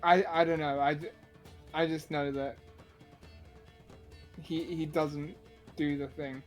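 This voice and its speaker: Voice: medium pitch, flat delivery, slow, soft background music. A laid-back co-host chatting casually on a stream, laughing often. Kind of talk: casual chat.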